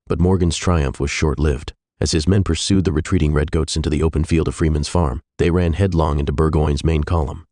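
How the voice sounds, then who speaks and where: A man narrating a historical fiction story in a measured, even way. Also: a bass voice, no room sound, studio quality.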